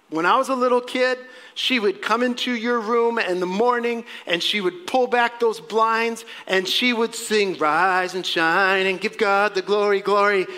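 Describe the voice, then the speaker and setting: A man preaching a sermon as pastor, swinging from loud exclamations to quiet, earnest appeals to the congregation. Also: fairly high pitch. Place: church sanctuary. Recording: long reverb of a church hall.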